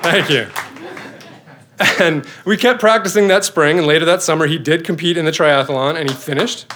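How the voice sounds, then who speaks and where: A middle-aged father tells a story to a live audience, his voice sitting a little high for a man. He lands wry, self-mocking beats with quick comic timing. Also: fairly bright tone, some chatter behind, a little hiss or hum. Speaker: father telling a personal story.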